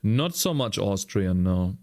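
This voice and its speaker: A man with a German accent and a fairly low voice, chatting loosely with viewers as he works. He rambles and often stops to search for the right English word. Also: expressive, slow, darkish tone. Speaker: streamer and indie game developer. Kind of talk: casual live-stream chat while coding.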